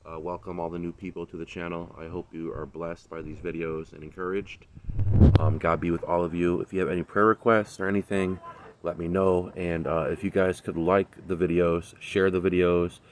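A relaxed man chatting to his viewers from his backyard garden, his voice sitting very low. He talks in an easygoing, slangy way, full of ums and uhs, as if filming on a phone outdoors. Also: normal speed, a little hiss or hum. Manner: laid-back, slangy, lots of fillers. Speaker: vlogger. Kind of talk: casual chat.

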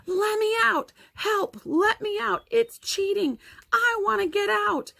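A woman reading aloud, voicing a young boy who shouts in high, excited bursts. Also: takes it slowly, gravelly, no echo, heavily acted. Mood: pleading. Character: boy cheering, then yelling to be let out.

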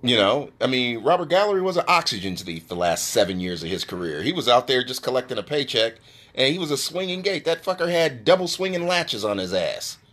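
A brash, profane man ranting casually into a phone on a live stream. His pitch swings widely, leaping up high when he gets worked up. His trash talk is blunt and mocking. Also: very animated, fairly quick, a bit bright. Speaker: live-stream sports show host.

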